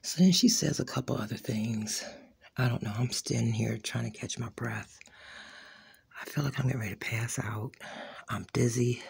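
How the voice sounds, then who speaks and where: An adult vlogger casually recounting a personal altercation while walking through a home, often dropping into a hushed whisper and acting out the quoted lines. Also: mid-range voice, unhurried, long pauses. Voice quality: raspy, gravelly. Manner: reenacts quoted dialogue. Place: inside a home.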